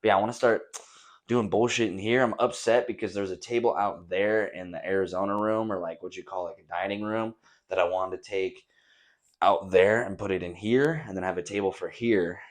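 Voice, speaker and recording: Young male podcast host, lowish voice, loose profane rambling, bare echoey bedroom, mic set back. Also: fairly even intonation, brisk. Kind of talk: casual solo rambling chat. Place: nearly empty echoey bedroom. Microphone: camera set on a stack of drawers some distance away.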